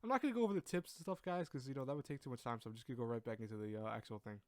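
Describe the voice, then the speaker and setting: Excitable young man playing a game. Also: mid-range voice, dry recording, studio quality. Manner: excitable, quick to laugh and exclaim. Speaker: let's play gamer. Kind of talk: casual game commentary.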